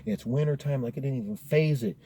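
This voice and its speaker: A man's voice: medium pitch, brisk, warm tone, a little hiss or hum. A man telling a spooky story in a casual, profane, laid-back way, dropping "dude" often.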